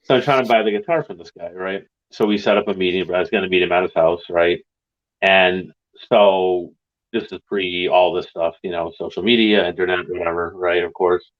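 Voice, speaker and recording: Low-voiced man on a dull lo-fi line. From Massachusetts. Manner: rambling anecdotes, tags lines with "right?". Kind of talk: casual chat, storytelling.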